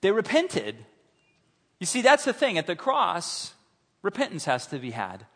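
A man preaching a sermon in a church, animated and humorous, acting out little scenes. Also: high-pitched, moderate pace, breathy edge, big-room sound. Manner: animated, humorous, acts out voices. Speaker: pastor. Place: church sanctuary.

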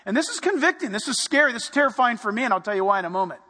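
A man preaching a sermon, animated and playful, dropping to a hush for emphasis. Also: very high voice, racing, big-room sound. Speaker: pastor.

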